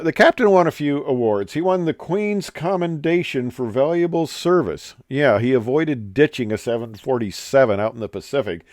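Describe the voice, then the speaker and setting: A man's voice: medium pitch, darkish tone, dry recording, clean studio sound. A man, an airline pilot, telling an aviation story in a casual, rambling way with many hesitations.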